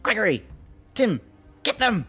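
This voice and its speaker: A man's voice: fairly low pitch, sing-song, unhurried, soft background music. A man voicing a haughty male goblin ranger with a British accent, barking orders at his wolves. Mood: shouting. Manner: shouty, haughty villain.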